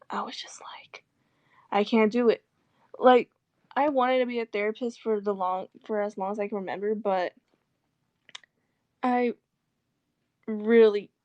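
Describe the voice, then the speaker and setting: A woman's voice: medium pitch, a little mellow, no room sound, dull audio. A young woman vlogging in a casual chat, rambling and swearing with sarcastic asides. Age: young adult.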